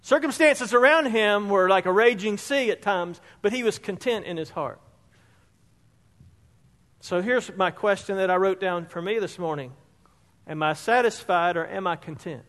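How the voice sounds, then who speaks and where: A pastor preaching a sermon, emphatic and fond of stacking repeated words for stress. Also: male voice, high-pitched, normal speed, a bit bright, long reverb tail.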